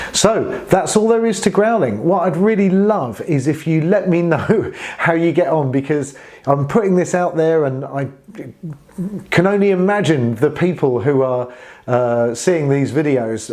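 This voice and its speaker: Man, mid-pitched, earnest saxophone tutor with a casual spoken delivery and some demonstrated growls. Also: a little mellow. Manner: friendly and earnest, demonstrating gritty growl sounds with his voice. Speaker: saxophone teacher.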